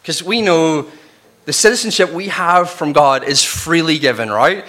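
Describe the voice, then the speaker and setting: A man from Northern Ireland with a softened Northern Irish accent, teaching from the Bible in a chatty, conversational way. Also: on the high side, normal speed. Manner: conversational, chatty, with restarts and asides. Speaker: preacher. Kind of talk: casual Bible teaching sermon.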